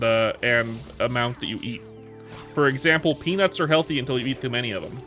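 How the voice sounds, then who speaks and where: A streamer in his thirties, with a bright, forceful, mid-range voice, chats casually on a livestream. He answers viewer questions in a rambling way, restarting often and repeating words.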